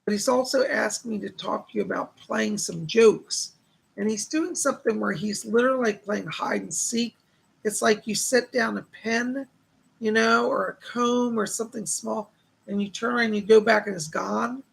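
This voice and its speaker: Gravelly, husky man giving psychic readings. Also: sits high, moderate pace, fairly bright tone. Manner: reassuring, relays spirit messages, reads viewer questions aloud. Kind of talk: live-stream psychic reading.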